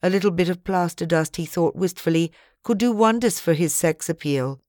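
A woman giving a measured, even scripted narration of an audiobook. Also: on the low side, dry recording, clean studio sound.

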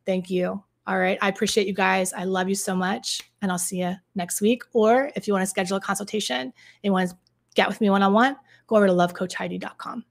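A middle-aged relationship coach with a gravelly, mid-range voice talks fast and steadily on a live stream. She chats with viewers, reads their comments aloud, and acts out the voices of the people she quotes.

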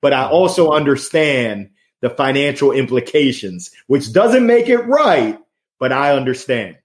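A man talking as a guest in a casual conversation, energetic and passionate, joking and laughing, on a remote video call. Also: mid-range voice, a little slow.

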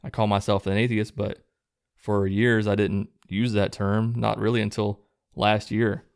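A man with a low, gravelly voice reads viewer letters aloud in a steady, even tone. Between letters he adds relaxed, low-key comments. The sound is close and dry, with no room echo. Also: unhurried. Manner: low-key, plain reading, relaxed asides. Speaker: host reading viewer stories.

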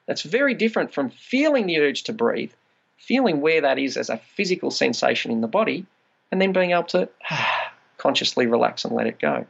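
A man's voice: fairly high pitch, very animated, normal speed, creaky, breathy edge, dull audio. A man, a trauma release practitioner, explaining body practices in a conversational podcast interview and acting out quoted inner voices.

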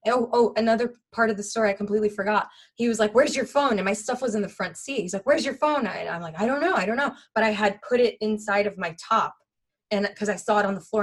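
A woman candidly recounting a personal experience in a halting, earnest way, with frequent fillers and restarts. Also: medium pitch. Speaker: guest telling a personal story.

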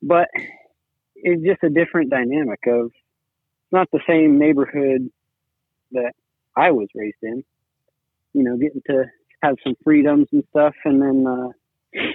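A man's voice: mid-range voice, a little slow, pauses often, no echo. A man talking casually as a guest, rambling with lots of "you know"s. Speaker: guest, sibling-in-law. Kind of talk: casual conversation. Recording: tinny phone-like line.

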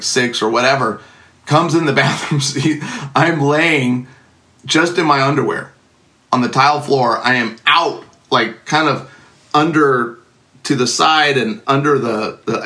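A man telling a personal testimony, animated and acting out the voices of the people in his story. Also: mid-range voice. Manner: animated, acts out voices in quotes, laughs often.

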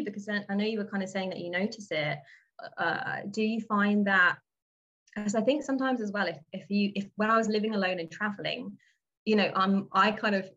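A woman's voice: mid-range voice, a bit bright, dull audio. A woman from England chatting casually in a podcast conversation, rambling with many restarts.

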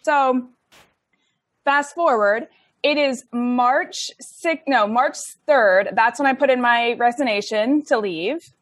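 A young woman, appearing as an interview guest, tells her story in a chatty, casual way, filling the gaps between phrases with likes, ums, and laughter. Her voice is on the high side and fairly bright, and she talks slowly. The recording is dry and clean, studio-style.

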